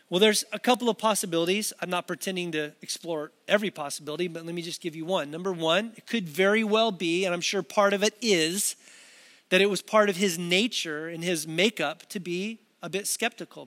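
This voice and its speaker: A man preaching a sermon in a high, light voice. He talks casually and directly to his listeners. Now and then he acts out quoted voices with added punch. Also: a bit bright, big-room sound. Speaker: pastor.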